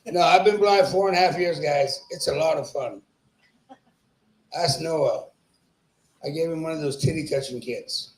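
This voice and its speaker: This man speaks on the high side, a little slowly, with frequent pauses. At an open mic in a small comedy club, he works through crude, profane stand-up, ribbing the crowd and cracking himself up, all captured in an echoey room.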